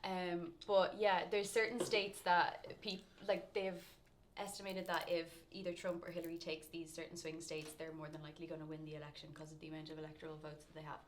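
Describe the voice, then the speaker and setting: A woman's voice: on the low side, flat delivery, a little fast, slight background noise. A young Irish woman co-hosting a live stream, giggly and full of offbeat jokes. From Ireland. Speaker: livestream co-host. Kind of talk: casual chat.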